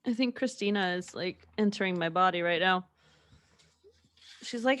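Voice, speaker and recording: A woman's voice: lowish voice, normal speed, long pauses, fairly bright tone, dry recording. A young woman hosting a solo podcast, talking candidly and rambling, with frequent laughs and fillers. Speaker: podcast host. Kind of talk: casual solo podcast chat.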